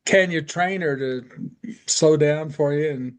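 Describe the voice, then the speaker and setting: Slow-talking older man, rambling chat. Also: a little high. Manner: rambling, trails off mid-sentence. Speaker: teacher in an online class. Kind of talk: casual chat.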